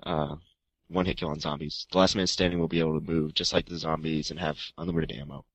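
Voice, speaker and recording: Brief: male co-host, very low voice, dry close mic, laid-back jokey delivery. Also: expressive, quick pace, creaky, a bit bright, no room sound, lo-fi sound. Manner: reads listener mail with jokey asides. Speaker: podcast co-host. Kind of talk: casual chat.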